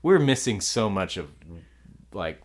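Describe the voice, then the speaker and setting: A man's voice: on the low side, sing-song, a little slow. A man from the United States co-hosting a podcast, talking animatedly about a film, rambling with fillers and restarts. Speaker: podcast co-host. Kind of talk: casual film discussion.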